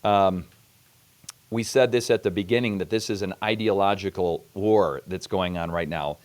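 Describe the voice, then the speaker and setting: A man hosting an interview, talking in a measured, serious way. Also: sits low. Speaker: host. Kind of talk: earnest interview conversation.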